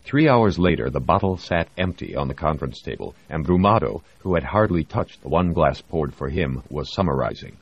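A male narrator reads with a very low, husky voice that moves expressively through its range. The recording is dry and close, with slightly muffled highs. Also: animated, moderate pace, hardly any pauses, dry recording. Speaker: audiobook narrator. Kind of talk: scripted narration.

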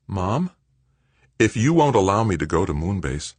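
A man voicing an earnest, determined young man who argues with his mother, somewhat higher than his own voice. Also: normal speed, no room sound. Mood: even. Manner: eager, then calmly insistent.

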